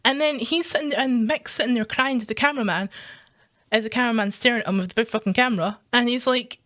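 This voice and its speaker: This reaction video streamer, a woman with a Scottish accent, talks fast in a voice on the high side. Her commentary is an animated rant full of swearing and frequent bursts of laughter.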